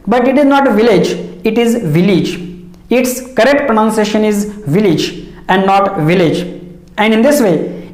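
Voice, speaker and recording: A woman giving a measured, explanatory lesson, repeating key phrases. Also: on the high side, a little mellow. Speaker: English teacher. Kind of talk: instructional lecture. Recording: echoey room.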